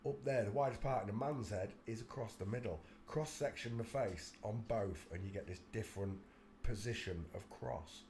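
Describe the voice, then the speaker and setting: A man's voice: on the low side, slight background noise. An older man with a chesty cough, hosting a live stream from a room at home. He chats and preaches in a rambling, apologetic way and breaks off to cough.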